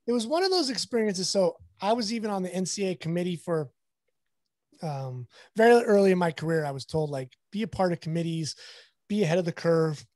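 A man with a Southern Californian accent tells a story in a casual, animated way, slipping into the voices of the people in it. The recording is dry and close, with almost no room sound. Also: high voice, brisk, dry recording. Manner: animated, acts out quoted dialogue. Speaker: sports photographer guest.

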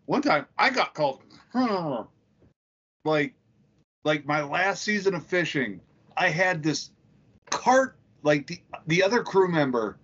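A man co-hosting a comedy podcast, telling crude anecdotes with excitement. His voice is husky and a touch high, and it moves up and down a lot. The sound is slightly dull and lo-fi. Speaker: podcast co-host.

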